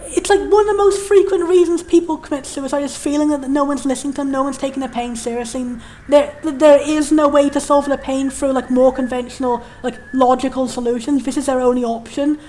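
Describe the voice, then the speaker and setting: High-voiced young woman, frank and rambling. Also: fairly even intonation, fairly quick, few pauses, mellow, slight background noise. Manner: frank, rambling, with many restarts and swearing. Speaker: game reviewer. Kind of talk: candid game commentary.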